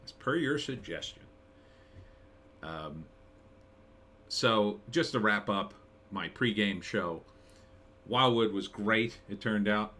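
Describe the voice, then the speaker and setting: Low-voiced rambling male live-stream host. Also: lively intonation, takes it slowly, pauses often, sharp tone. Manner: rambling, chatty, many fillers and restarts. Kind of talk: casual live-stream chat, reading chat comments.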